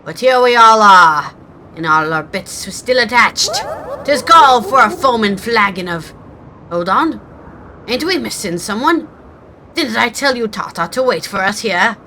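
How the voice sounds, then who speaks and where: Brief: gruff sky pirate, read by a woman, salty sailor slang. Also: a little high, lively intonation, a little slow, sharp tone, slight background noise, heavily acted. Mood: hearty.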